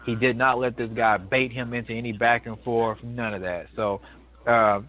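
A man's voice: medium pitch, normal speed. Man in his thirties on a phone line. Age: 30s. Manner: emphatic, animated retelling with many restarts. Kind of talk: casual storytelling.

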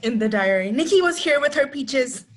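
A woman's voice: high voice, lively intonation, moderate pace. A woman in her twenties co-hosting a podcast, telling stories in a rambling way with many fillers and frequent laughs. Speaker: podcast co-host. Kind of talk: casual chat.

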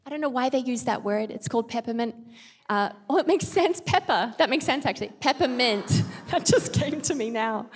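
A woman's voice: fairly high pitch, animated, normal speed, husky. Chatty woman preaching in an echoey hall. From Australia. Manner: chatty and self-deprecating, with playful asides. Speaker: pastor. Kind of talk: casual, humorous sermon. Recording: long hall reverb.

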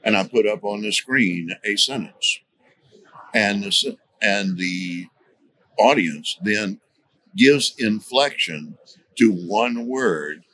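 A man speaking as a guest in a podcast interview, explaining his points deliberately and repeating key words for emphasis. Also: lowish voice, lively intonation, sharp tone. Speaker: guest, safety trainer.

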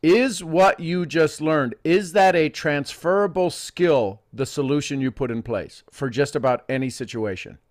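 A middle-aged man leading a live coaching session, playful and quick to laugh, often wandering off topic. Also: a little high.

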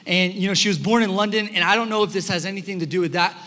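A young man preaching a sermon as pastor, telling stories in an animated, conversational way with fillers, in a church sanctuary. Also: high voice, very fast. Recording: long hall reverb in a church.

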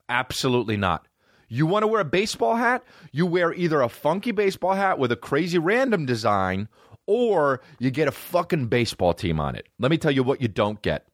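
A man's voice: medium pitch, no echo, clean studio sound. A man in his forties hosting a solo comedy podcast, rambling through profane tangents and restarting his sentences. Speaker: podcast host.

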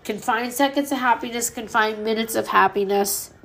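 Middle-aged woman talking straight from the heart on her podcast, blunt and earnest, kinda high voice. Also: normal speed, fairly bright tone. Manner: candid, earnest, swears freely. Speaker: podcast host. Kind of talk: personal grief podcast monologue.

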